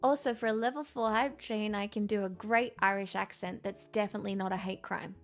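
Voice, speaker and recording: A woman's voice: medium pitch, steady tone, a little fast, soft background music. A tired Australian woman livestreaming, chatting with viewers, laughing often and swearing freely. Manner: giggly, sweary, rambling. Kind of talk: casual chat reading viewer comments.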